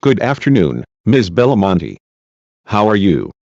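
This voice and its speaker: A man reading a male defense lawyer's questions, measured and reassuring, in a dull lo-fi recording. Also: on the low side, big pitch swings, darkish tone, no room sound. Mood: courteous. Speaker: cross-examining lawyer.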